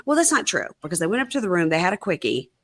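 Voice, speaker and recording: A woman hosting a podcast, casually recapping a reality show episode and acting out the cast's lines in an animated way. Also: on the low side, rapid-fire. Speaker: podcast host. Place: her sister's house, dim room.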